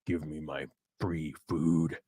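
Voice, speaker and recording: A man's voice: a bass voice, little pitch movement, takes it slowly, dark tone, husky, no room sound, clean studio sound, pitched below the performer's own voice, heavily acted. A man mimicking an entitled, self-important male rock guitarist in a haughty, mocking voice.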